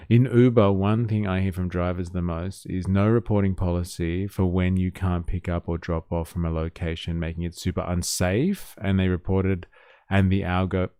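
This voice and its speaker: Male livestream commentator, very low gravelly voice, blunt and sarcastic, dry close mic. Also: mellow, no room sound. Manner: blunt, sarcastic, swears freely. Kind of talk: casual livestream commentary reading chat.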